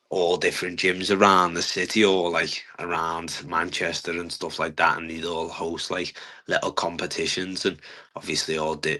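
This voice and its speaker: A young man, a fighter talking earnestly in a casual interview, halting often with fillers. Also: sits low, pushed and bright. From England. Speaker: guest fighter.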